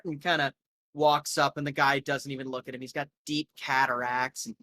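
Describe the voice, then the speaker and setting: A man's voice: medium pitch, little pitch movement, moderate pace, sharp tone, no room sound. A man narrating a tabletop game as game master, rambling casually with lots of fillers.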